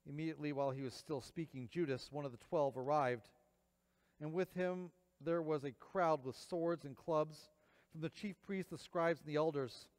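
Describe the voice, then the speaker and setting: A man's voice: fairly high pitch, moderate pace, darkish tone. A man reading scripture aloud and preaching, acting out the quoted lines dramatically. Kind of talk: Bible reading and sermon. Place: church. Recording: long church reverb.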